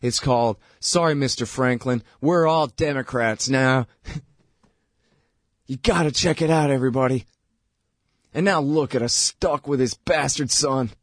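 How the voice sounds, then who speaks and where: A man hosting a talk show, giving a sarcastic, animated political monologue that is full of mocking impressions. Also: a little slow, long pauses, no room sound, studio quality. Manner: animated, rising pitch when exasperated. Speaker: radio host.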